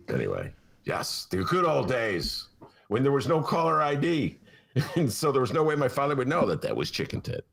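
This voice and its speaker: Gravelly, animated man hosting a talk show. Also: medium pitch, normal speed. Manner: rambling storyteller who breaks into ranting, shouted asides. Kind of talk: casual political talk show chat.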